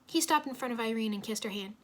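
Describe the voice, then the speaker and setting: A woman reading a fan fiction story aloud in steady narration. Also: on the high side, fast talker. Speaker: reader.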